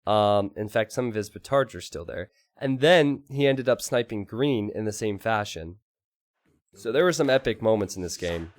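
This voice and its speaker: A man casting a strategy game live and chatting with his stream audience, excitable and quick to laugh. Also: fairly low pitch, no echo. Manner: excitable, laughs often, talks to chat.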